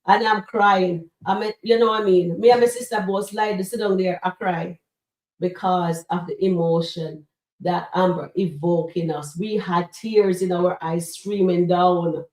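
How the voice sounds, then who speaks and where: Woman, live-stream host, lowish voice, chatty, talks to her chat, roomy echo, a bit far from the mic. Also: steady tone, a little slow, darkish tone. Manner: chatty, addresses chat as guys, frequent fillers. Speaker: livestream show host reviewing comedy skits. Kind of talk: casual live-stream commentary.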